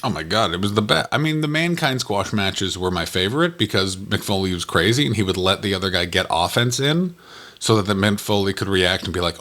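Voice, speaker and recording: Lowish-voiced guy on a comedy podcast, talks fast and rambly, keeps jumping up high when he gets worked up. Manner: excitable, rambling, swears, voice jumps up high. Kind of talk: casual chat.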